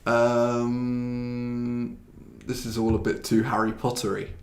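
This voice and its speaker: A man's voice: medium pitch, completely flat delivery, slow pace. A British man giving a casual language lesson, chatty and self-deprecating, often restarting his sentences as he searches for the right words. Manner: laughs at himself. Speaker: English teacher. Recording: roomy echo.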